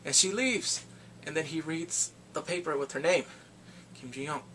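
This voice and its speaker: A man recapping a film in casual chat, animated and full of reactions. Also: fairly high pitch, measured pace, a little hiss or hum. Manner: animated, reacts with exclamations and gasps. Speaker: movie reviewer.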